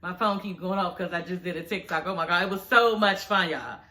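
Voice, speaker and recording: A woman recapping a reality show for her viewers in a casual, animated, profane way, talking with dental aligners in. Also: lowish voice, a little fast. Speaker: YouTube reality TV reviewer.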